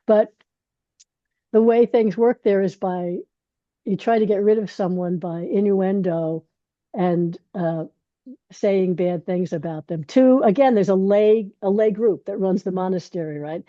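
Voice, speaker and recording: A woman meditation teacher telling stories on a panel, animated and rambling, with frequent laughter. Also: medium pitch, measured pace, no room sound, dull audio. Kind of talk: casual storytelling on a panel.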